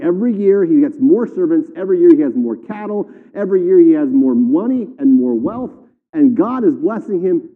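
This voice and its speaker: A man preaches in a folksy, conversational manner, checking in with his listeners as he goes. His voice sits a bit high. It comes through thin and phone-like, with a long reverb trailing off the hall. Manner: folksy, conversational, asks "all right?" often. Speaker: pastor. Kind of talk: sermon.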